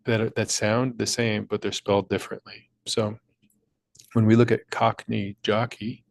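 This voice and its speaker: A young man with a somewhat low voice talks through a puzzle walkthrough. He explains each step patiently and stops now and then to correct himself, like a teacher recording at his desk. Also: little pitch movement, moderate pace, gravelly, no echo, rough recording. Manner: patient, explanatory, with small slips and restarts. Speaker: crossword puzzle maker and teacher. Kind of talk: screen-recorded tutorial walkthrough.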